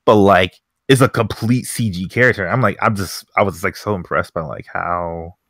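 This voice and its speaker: A man co-hosting a podcast, rambling excitedly about a movie and saying "like" constantly. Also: sits low, moderate pace, dry recording, clean studio sound. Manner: rambling, heavy use of "like", excited. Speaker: podcast co-host. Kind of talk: casual chat.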